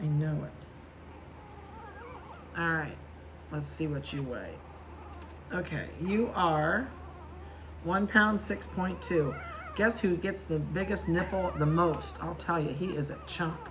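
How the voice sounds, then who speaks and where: A chatty, affectionate woman breeder describes her puppies one by one and coos at them as she goes. Her voice is bright and forward, with a faint hiss of noise in the background. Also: lowish voice. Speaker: dog breeder. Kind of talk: casual narration while handling puppies.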